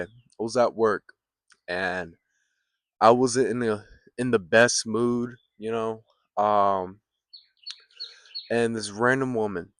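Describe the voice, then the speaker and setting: A young man vlogging in a laid-back, rambling way, with many fillers and pauses. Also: medium pitch, fairly bright tone, no echo, studio quality. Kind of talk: casual vlog talk. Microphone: phone or camera mic, built-in mic.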